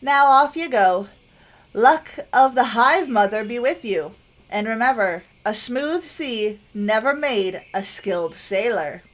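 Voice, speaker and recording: A woman voicing a jolly old male ship skipper, booming and attempting a rough sailor accent. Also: sing-song, slow, darkish tone, heavily acted. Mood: hearty.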